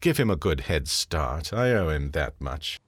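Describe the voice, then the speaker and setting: A man's voice: extremely low pitch, sing-song, a little slow, breathy edge, dry recording, heavily acted. An actor playing a vain, flippant male king with a pompous, sardonic and dramatic manner. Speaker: lead of the show. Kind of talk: comedy radio play acting.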